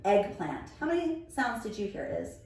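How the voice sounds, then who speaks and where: A young woman teaching preschoolers on video, gently sounding out words slowly and patiently as she plants seeds with a child. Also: mid-range voice, lively intonation. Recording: very echoey room, mic far off.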